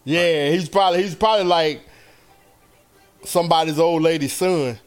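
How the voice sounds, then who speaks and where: A man's voice: on the high side, moderate pace, smooth, faint music behind. A man co-hosting a comedy podcast, reading out joke facts in casual banter. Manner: reads out items, playful. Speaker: podcast co-host.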